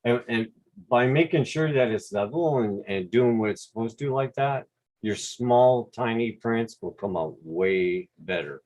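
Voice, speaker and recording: A man with a Quebec accent, hosting a relaxed, rambling livestream chat over a video call with some mild swearing. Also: mid-range voice, measured pace. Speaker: drone channel host.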